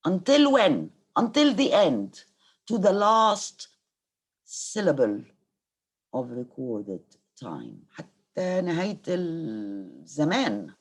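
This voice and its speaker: A middle-aged Egyptian woman, a native Arabic speaker, delivers a university literature lecture in a low, very animated voice, taking her time. She reads verse aloud, then explains each line and glosses it in Arabic.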